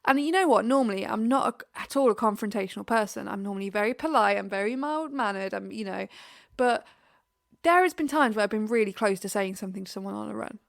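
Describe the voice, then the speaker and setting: A young British woman co-hosts a podcast, her mid-range voice creaky and the recording dry with clean studio sound. In casual chat she rants in exasperation about everyday irritations, then laughs at herself in a self-deprecating way.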